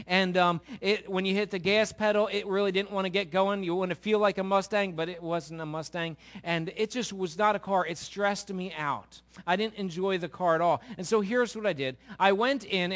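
A middle-aged male pastor with a high-set voice preaches to his congregation. He talks animatedly, quizzes the crowd and acts out little scenes, swinging between loud and hushed. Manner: animated, asks the audience questions, acts out quotes. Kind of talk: sermon to a live congregation.

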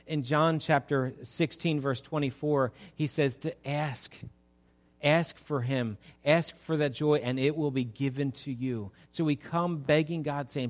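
A man preaching a sermon as pastor, swinging from loud exhortation to soft pleading, speaking to a church congregation. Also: mid-range voice, fairly even intonation, unhurried. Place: church sanctuary.

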